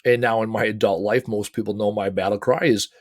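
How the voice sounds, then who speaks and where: A man's voice: fairly low pitch, steady tone, a little fast, dry recording. Middle-aged guy hosting a pep talk, punchy and emphatic, drops swear words casually, dry close sound. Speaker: host. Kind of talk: motivational talk.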